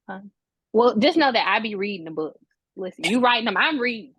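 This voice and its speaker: A woman hosting a casual chat, talking in an animated, emphatic way with quick asides. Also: medium pitch, breathy edge, no room sound. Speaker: host. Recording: dull lo-fi dry sound.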